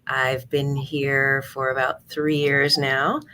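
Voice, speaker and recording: A woman panelist introducing herself on a video call in a warm, gracious way. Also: a bass voice, little pitch movement, slow pace, a little hiss or hum.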